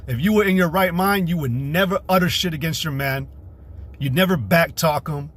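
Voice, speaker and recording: A man's voice: fairly high pitch, normal speed, fairly bright tone. Profane combative male street preacher. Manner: mocks women in a mimicking voice. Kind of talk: livestream sermon rant.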